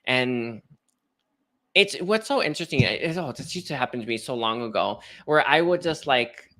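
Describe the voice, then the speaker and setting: Guy doing a live card reading, rambly and chatty, bright tense voice. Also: mid-range voice, animated, normal speed. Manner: rambling, chatty, many fillers and restarts. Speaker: spiritual card reader.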